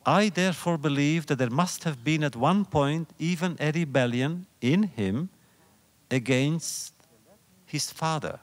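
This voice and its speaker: A man gives a public lecture in a hall with a slightly raised pitch. He takes an unhurried, deliberate pace and builds his points through rhetorical repetition. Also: lively intonation. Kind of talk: public lecture on religious history.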